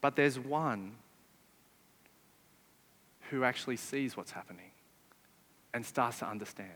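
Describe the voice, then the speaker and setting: A man's voice: medium pitch, a little slow, a bit bright, in a large hall. A man preaching a sermon, emphatic and often putting rhetorical questions to his listeners. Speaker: pastor.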